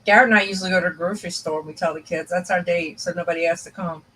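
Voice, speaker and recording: A woman co-hosting a casual chat, teasing her friend with quick replies. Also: on the low side, fairly even intonation, a bit bright, distant mic, slight background noise, rough recording. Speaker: co-host.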